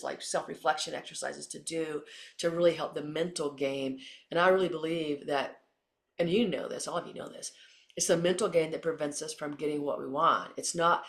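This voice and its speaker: A middle-aged woman from Texas, a former Olympian and coach, answering interview questions as an animated storyteller who acts out the quotes. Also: low-pitched, gravelly.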